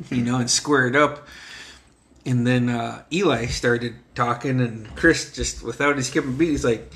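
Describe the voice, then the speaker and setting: A man's voice: medium pitch, normal speed, a bit bright. A man who grew up on a reservation, casually telling profane childhood stories, laughing and acting out the quotes. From United States, grew up on a reservation. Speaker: guest storyteller. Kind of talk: casual storytelling chat.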